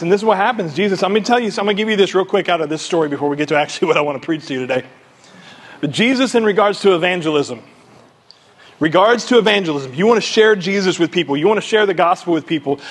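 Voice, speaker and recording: At a church service, a pastor with a high, husky voice preaches fast. His sermon is animated and conversational, and he often quizzes the congregation.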